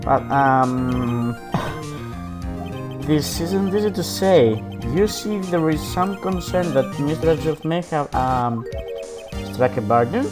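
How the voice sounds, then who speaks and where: A man playing a fussy old judge who stumbles and hesitates, his pitch rising and falling. Game music runs behind. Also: lively intonation. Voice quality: hesitant, halting. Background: background game music.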